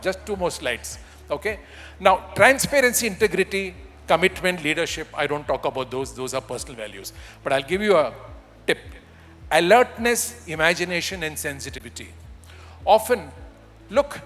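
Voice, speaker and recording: A man with an Indian English accent gives a lively, humorous talk as a communication trainer, pitched a little high for a man. His voice carries a long reverb from a large event hall, with faint music underneath. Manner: animated, demonstrative, humorous. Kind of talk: conference talk.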